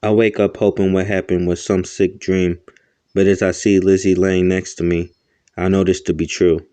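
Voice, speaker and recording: A man with a very low, dark voice reads a first-person story aloud. His tone is smooth and flat, recorded close and dry. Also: normal speed, dry recording. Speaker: audiobook narrator.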